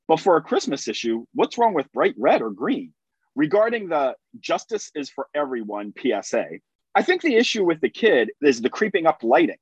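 A man's voice: fairly high pitch, slightly rough, no room sound, poor audio. A man co-hosting a podcast, reading listener letters with amused asides. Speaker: podcast co-host.

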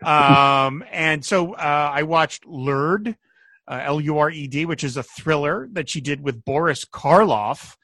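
A man hosting a casual podcast chat, telling an anecdote with lively acted-out quotes. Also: fairly high pitch, unhurried, no echo, clean studio sound. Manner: animated storyteller, acts out quotes. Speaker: podcast host.

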